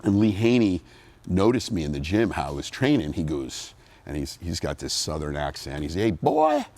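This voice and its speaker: A man's voice: extremely low pitch, normal speed, dry recording. A middle-aged man from New Jersey, a former pro bodybuilder, telling his story in a casual interview and acting out what people said. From New Jersey, USA. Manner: animated storyteller, acts out quotes.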